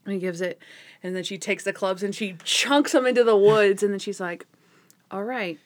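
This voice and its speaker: A woman's voice: mid-range voice, moderate pace. A woman chatting casually as a podcast co-host, animatedly retelling scenes from an episode and acting out the characters' lines. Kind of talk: casual chat recapping a TV episode.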